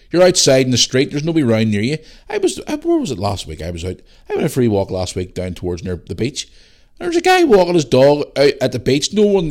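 A middle-aged man with a Northern Irish accent hosting his own podcast alone, ranting bluntly with lots of swearing and tired from a rough day. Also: medium pitch, darkish tone. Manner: blunt and sweary, rambling rants. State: tired, yawning. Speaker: podcast host. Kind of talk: casual solo podcast chat.

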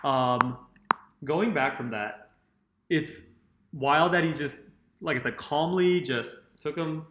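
A man's voice: fairly high pitch, takes it slowly, pauses often, fairly bright tone, slight background noise. Profane joking young man in an echoey room. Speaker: podcast host. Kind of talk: casual chat.

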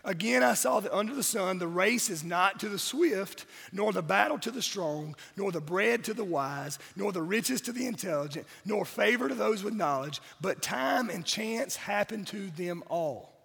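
Hoarse Southern preacher with a wry streak. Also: male voice, sits high, lively intonation, moderate pace, few pauses, fairly bright tone. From South Georgia. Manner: wry, joking asides to the congregation. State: hoarse from a cold. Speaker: pastor. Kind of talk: sermon. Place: church sanctuary. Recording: church hall reverb.

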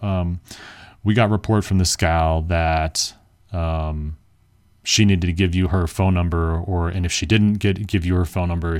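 A young man telling a personal story in a casual, rambling way, full of fillers and self-mocking asides. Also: sits low.

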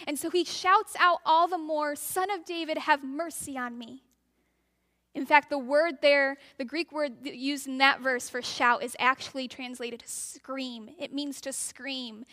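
A woman's voice: high voice, a bit bright. A woman preaching a sermon, telling a story and acting out the voices of the crowd.

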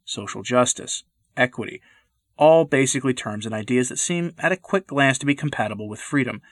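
A man hosting a podcast, reading scripted commentary in an earnest, measured, lecturing way. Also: mid-range voice, no room sound, clean studio sound. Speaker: podcast host. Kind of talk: scripted commentary read aloud.

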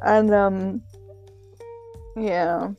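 A woman talks slowly and emotionally in a casual chat, hesitating often and filling her pauses with ums. Her voice comes through a dull, lo-fi recording, with faint music underneath. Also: medium pitch, fairly even intonation, a little mellow. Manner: emotional, halting, many fillers. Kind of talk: casual chat about a TV series.

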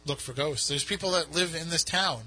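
A man's voice: a little high, normal speed, pushed and bright, husky, low-quality recording. A man hosting a casual radio talk show, rambling and poking fun at himself. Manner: rambling, self-mocking. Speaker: podcast host.

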